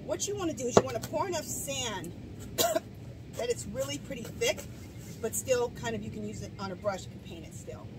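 Heavy background noise surrounds this middle-aged garden vlogger as she talks through an outdoor do-it-yourself tutorial, her camera set down at a distance. Her fairly high, expressive voice moves at normal speed, punctuated by hiccups and coughs, and her casual chatter is full of restarts and tangents.

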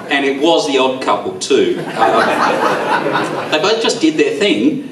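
Man, somewhat high voice, teary eulogy, halting, distant mic in an echoey hall. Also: noisy background. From Australia. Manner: rambling, halting, with many fillers. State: teary, voice quavering. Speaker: eulogy speaker. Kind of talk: memorial speech. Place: bowls club hall. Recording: echoey room, far from mic.

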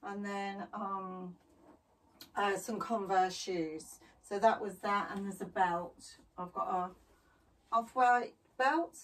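A mother speaks at a middling pitch as she cheerfully walks through her choices one piece at a time. She is set back from the microphone, so her voice sounds distant. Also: steady tone, slow pace. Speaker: parent on a family vlog. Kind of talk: casual chat.

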